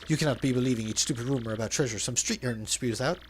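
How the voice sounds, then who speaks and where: A man's voice: mid-range voice, racing, breathy edge, close to an everyday voice. A man voicing a flamboyant, pompous male trader and sailor in a video game dub, with grandiose, overly formal phrasing. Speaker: let's play dubber.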